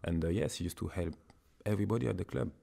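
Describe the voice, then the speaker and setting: A man with a French accent, a former footballer chatting as a guest, halting and searching for his words. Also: low voice, gravelly, dark tone. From France. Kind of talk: casual interview chat.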